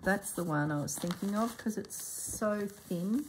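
A woman hosting a sewing vlog who thinks aloud as she works, musing to herself in a soft, half-whispered voice. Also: mid-range voice, a little slow, a little hiss or hum. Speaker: sewing channel host.

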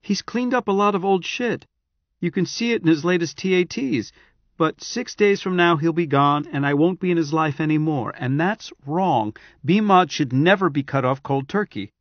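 A weary, earnest woman doctor, as a male narrator raises his voice to play her, speaking in a measured, pleading way. The recording is dry and a little dull. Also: fairly high pitch, no room sound, pitched above the performer's own voice, close to an everyday voice.

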